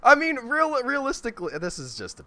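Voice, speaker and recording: A man's voice: very high voice, huge pitch swings, brisk, bright, forceful tone. A man hosting a podcast, chatting casually about a TV episode and going off on tangents. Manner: rambling, goes off on tangents. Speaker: podcast host. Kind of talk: casual TV recap chat.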